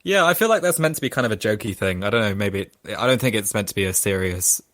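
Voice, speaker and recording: A man's voice: fairly low pitch, expressive, fast talker, no room sound, clean studio sound. A man with a British accent, guest on a podcast, polite and easygoing. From Britain. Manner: polite, easygoing, laughs softly. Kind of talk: casual podcast chat.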